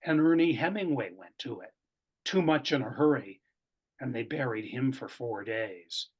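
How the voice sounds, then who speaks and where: A man leading a poetry seminar over a video call, reading passages aloud with halting, reflective commentary. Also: medium pitch, animated, husky. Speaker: seminar facilitator.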